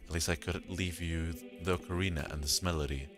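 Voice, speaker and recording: Zelda, a man voicing a soft-spoken princess. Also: deep voice, fairly even intonation, fairly quick, over music. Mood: earnest. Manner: soft, hushed reading. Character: gentle young princess, urgent and soft-spoken.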